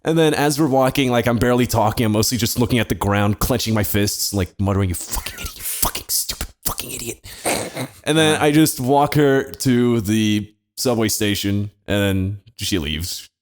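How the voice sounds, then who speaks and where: A man's voice: on the low side, normal speed, few pauses. A young man on a comedy podcast, casually telling a story, swearing often and laughing.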